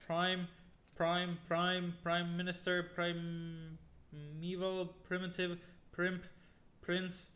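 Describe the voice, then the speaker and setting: A man slowly reading a long list of words aloud one by one, with now and then an exasperated aside. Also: high-pitched, reverberant. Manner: slow, flat word-by-word reading with exasperated asides. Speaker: youtuber.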